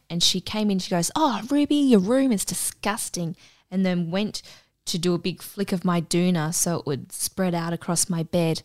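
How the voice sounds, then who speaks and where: A young woman co-hosting a casual chat podcast, telling crude stories with animated acted-out quotes. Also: on the low side, dry recording, clean studio sound. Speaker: podcast co-host.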